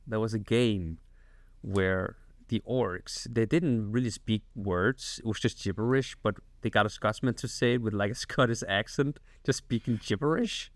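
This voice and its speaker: Man, podcast co-host, relaxed and agreeable, dry close sound. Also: lowish voice, dry recording. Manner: easygoing, agreeable, quick to laugh. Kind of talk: casual chat.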